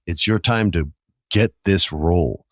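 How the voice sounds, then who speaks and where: A man in his forties hosting a podcast, telling a profane story with animated delivery and acting out the voices in the exchanges he remembers. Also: deep voice, unhurried, no echo, clean studio sound. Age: 40s. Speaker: podcast host. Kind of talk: casual storytelling monologue.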